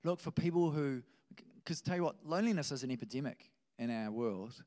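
A man's voice: mid-range voice, expressive, a little fast, warm tone. A male pastor giving a conversational sermon, telling stories with frequent restarts.

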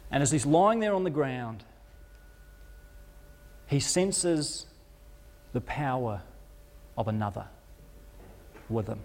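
A man's voice: mid-range voice, lively intonation, slow, long pauses, darkish tone, big-room sound. A male preacher telling a story as a sermon, vivid and dramatic, rising and falling in intensity with occasional stumbles. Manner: vivid retelling that rises and falls in intensity, with stumbles.

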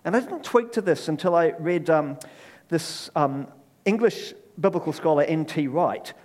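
Middle-aged New man, preacher; lively sermon delivery, voice slightly on the high side, wry asides. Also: normal speed. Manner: animated storyteller with wry self-deprecating asides.

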